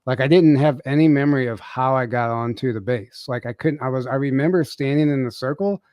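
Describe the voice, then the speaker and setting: A man's voice: medium pitch, a little fast, a little mellow, dry recording. A man telling a personal story as a podcast guest, casually, with many fillers and restarts.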